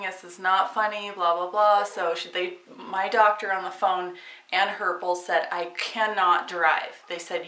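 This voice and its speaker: A woman's voice: lowish voice, sharp tone. A woman vlogger telling a story in a casual, chatty way, with lots of fillers and frequent laughs. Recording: echoey room, from a distance.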